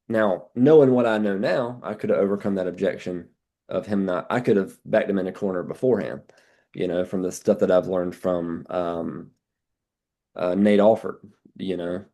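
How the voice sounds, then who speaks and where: A man's voice: lowish voice, warm tone. A man, telling a blunt, folksy sales story on a team call, quoting his own dialogue with many restarts.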